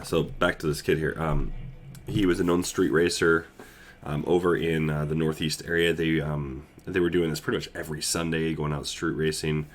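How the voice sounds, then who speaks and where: A young man with an extremely low voice hosts a casual livestream from his computer. He is congested and keeps coughing and clearing his throat, and his talk is halting and full of ums. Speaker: livestream host.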